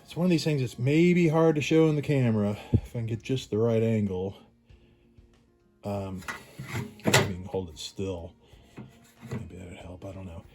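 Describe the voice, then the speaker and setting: Man, restorer type, casual hands-on demo at a workbench, loose unhurried talk, faint music behind. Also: fairly low pitch. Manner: thinks aloud, loose and unhurried. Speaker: pinball restorer. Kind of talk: casual workshop demonstration. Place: home workshop at a workbench.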